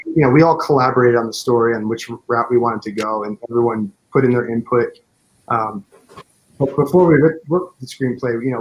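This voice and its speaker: A man's voice: mid-range voice, poor audio. Rambling man talking about his film. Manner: rambling, many fillers and restarts. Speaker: fan film director. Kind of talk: casual interview chat.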